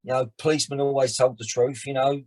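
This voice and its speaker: A man, chatting as a guest on a podcast, animated and often restarting his sentences. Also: mid-range voice, fast talker. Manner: animated, frequent restarts and repeated words. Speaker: actor and filmmaker guest. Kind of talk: casual podcast chat.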